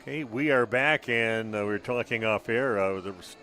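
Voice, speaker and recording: A man calling a high school football game live on radio as the play-by-play announcer, talking loosely with frequent "uh" fillers. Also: moderate pace, bright, forceful tone, soft background music.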